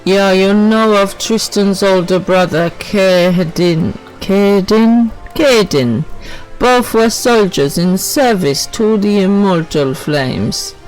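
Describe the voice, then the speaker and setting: A woman voicing a stern male military captain from a game, reading his lines slowly in a put-on Jamaican accent. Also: mid-range voice, darkish tone, lightly acted, poor audio. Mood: grave. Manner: slow, deliberate reading of game dialogue. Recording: faint game music behind.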